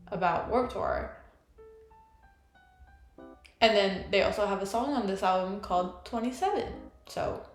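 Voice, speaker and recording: A young woman talks through a fan-history story, gossipy and animated, scattering "like" through every sentence. Her voice sits at a middle pitch and rings in an echoey room. Soft music plays faintly behind her. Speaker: YouTuber. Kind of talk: casual commentary video.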